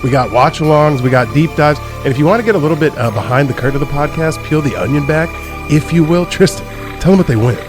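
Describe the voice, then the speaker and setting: A man's voice: fairly high pitch, animated, quick pace, music in the background. A young man hosting a comedy podcast, telling crude stories in a loose, laughing way. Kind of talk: casual comedic podcast chat. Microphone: studio podcast mic.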